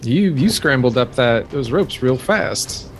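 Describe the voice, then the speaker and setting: A man's voice: medium pitch, animated, a little slow, faint music behind. A man playing a tabletop game who chats in an easygoing, friendly way. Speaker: player.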